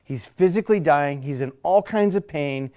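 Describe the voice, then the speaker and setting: A middle-aged man preaching with a voice a touch higher than most. He talks to the congregation like a friend, sinking to near-whispers and then rising with energy. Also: normal speed. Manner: conversational preacher, dynamic swings from hushed to loud. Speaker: pastor. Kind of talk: sermon.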